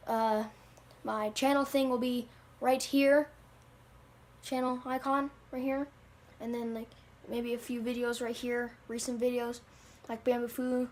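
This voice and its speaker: A woman's voice: fairly high pitch, a little hiss or hum. A woman telling a story on her own channel in a rambling, self-deprecating way, with lots of fillers. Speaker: channel owner. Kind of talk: rambling home-video storytelling.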